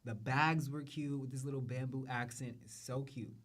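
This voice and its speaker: A man's voice: mid-range voice, steady tone, moderate pace, a bit bright. A man hosting a show, talking casually and profanely about runway looks, repeating phrases and trailing off. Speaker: show host. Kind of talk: casual fashion commentary.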